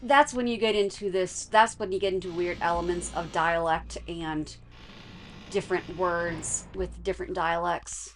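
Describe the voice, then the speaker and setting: A woman's voice: fairly low pitch, steady tone, normal speed. A woman chatting casually beside a gameplay session, talking things through at length. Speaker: co-host.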